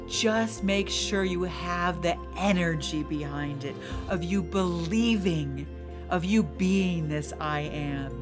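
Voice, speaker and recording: A woman who hosts a podcast, guiding a slow, soothing meditation and then coaching her listeners with emphatic encouragement. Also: fairly low pitch. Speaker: podcast host and life coach. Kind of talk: guided meditation and coaching talk.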